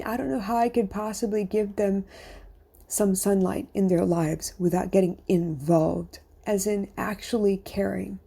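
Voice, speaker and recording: A middle-aged woman hosts her own podcast as a coach, speaking in an earnest, confessional monologue. Her voice is husky and mellow, and now and then it sinks to a whisper. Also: medium pitch. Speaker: life coach and podcast host.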